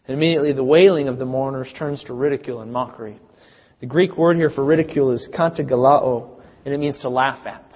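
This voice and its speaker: A man preaching a sermon, telling the story dramatically with big swings in loudness. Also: a little high, husky. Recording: dull sound with long reverb.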